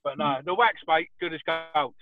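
A man's voice: fairly high pitch, normal speed. A man co-hosting a podcast, telling rowdy anecdotes and swearing freely. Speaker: podcast co-host. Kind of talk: casual chat. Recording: tinny phone line.

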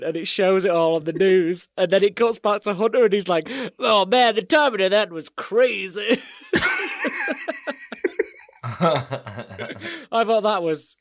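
A man co-hosting a casual film review chat, animated and acting out scenes he liked. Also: a little high, dry recording, clean studio sound. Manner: animated, acts out scenes with quoted lines. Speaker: podcast co-host.

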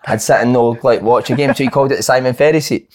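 A Scottish man and former footballer, telling animated stories on a casual football podcast and swearing freely. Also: mid-range voice, fast.

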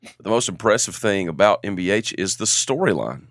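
A man's voice: lowish voice, lively intonation, brisk, dry recording. A man hosting a tabletop game podcast as game master, joking and rambling while medicated for allergies. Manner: jokey, rambling, laughs a lot. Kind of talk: casual podcast chat and game recap.

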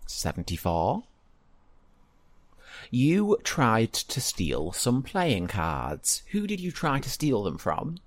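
A man, narrating and running a tabletop role-playing game, pausing often with fillers and restarts. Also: medium pitch, wildly swooping pitch, dry recording. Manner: hesitant, with many fillers and restarts. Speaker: game master.

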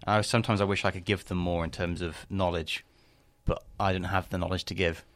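A young man with a very low voice talks bluntly in relaxed chat, swearing without a second thought. His voice is close and dry, with no room around it. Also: a little fast, dry recording. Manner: blunt, swears casually, laid-back. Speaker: podcast co-host, business owner. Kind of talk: casual chat.

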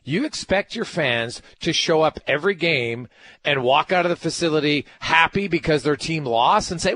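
A man's voice: a little high, animated, normal speed, a bit bright, dry recording. A man hosting a sports talk radio show, emphatic and ranting, firing off rhetorical questions.

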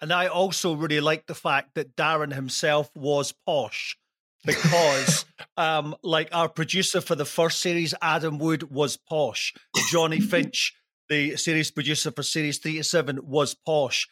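Middle-aged man, fairly high voice, dry close sound, jokey anecdotes. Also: fairly even intonation, moderate pace, sharp tone, no room sound. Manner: jokey storyteller, laughs often. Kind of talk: casual podcast chat.

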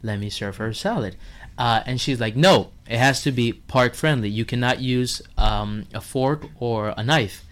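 Man, chef guest, lively storyteller who acts out voices and laughs a lot; middle pitch, casual podcast chat. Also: moderate pace. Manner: animated storyteller, acts out others' lines, laughs often.

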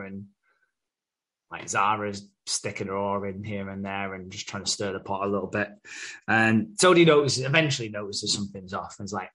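A man's voice: on the low side, pushed and bright. A young man chatting casually and swearing freely as he recaps soap scenes, briefly acting out the characters' lines. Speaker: podcast co-host recapping a soap. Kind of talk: casual chat.

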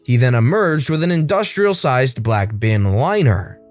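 Animated man narrating stories over soft music. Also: mid-range voice, a little slow, no room sound. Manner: expressive, animated storytelling. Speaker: story narrator. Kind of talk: reading online stories aloud.

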